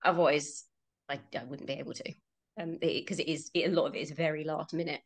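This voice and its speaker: A woman's voice: low-pitched, fairly even intonation, fast talker. A British woman in her thirties, a voice actress guest, chatting casually in an interview, friendly and often laughing between fillers.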